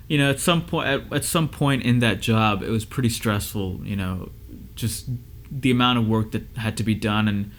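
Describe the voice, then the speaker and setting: Casual laid-back male music engineer. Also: fairly low pitch. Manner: loose conversational storytelling, many fillers. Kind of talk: casual Q&A advice talk.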